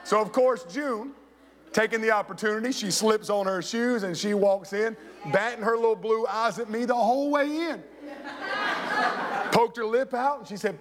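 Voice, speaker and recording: A pastor preaches at a moderate pace in a voice that sits high, his sermon echoing around a church sanctuary. He is a storyteller at heart, acting out the quoted voices of the people in his stories.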